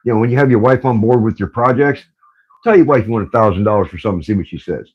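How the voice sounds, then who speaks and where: A man's voice: on the low side, fast talker, slightly rough, muffled recording. An older man, a grandfather, chatting casually on a livestream and telling rambling stories. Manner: laid-back, rambling storytelling. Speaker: livestream co-host.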